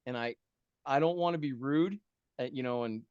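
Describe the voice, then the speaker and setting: A man spins a comic story as a podcast guest, animated and poking fun at himself with plenty of dude and bro. His voice sits in a middle range. The recording is dry and a little dull. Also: medium pitch, moderate pace, clean tone, no echo. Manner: animated, self-mocking, casual with dude and bro. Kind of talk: humorous storytelling.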